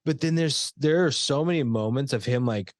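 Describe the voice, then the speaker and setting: A man's voice: mid-range voice, normal speed, dry recording, studio quality. A young man co-hosting a casual movie podcast, laughing often and restarting his sentences. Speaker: podcast co-host.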